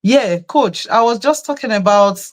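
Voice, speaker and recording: A woman, a mother and guest, telling a personal story in an animated, repetitive way over a video call. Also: a little high, moderate pace. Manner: animated, repeats herself. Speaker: guest, parent. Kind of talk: casual storytelling.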